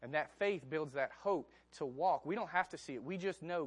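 A man preaching a sermon in a conversational, animated way, often asking the congregation questions. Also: fairly high pitch, normal speed, slightly rough. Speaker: pastor.

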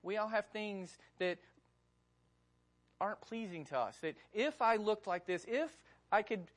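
A woman's voice: medium pitch, lively intonation, measured pace. A woman preacher delivering a sermon, emphatic and repeating key phrases with rhetorical questions.

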